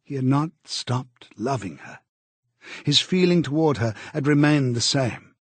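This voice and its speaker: A man narrating an audiobook in a grave, even storytelling manner. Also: medium pitch, a little slow, husky, no room sound.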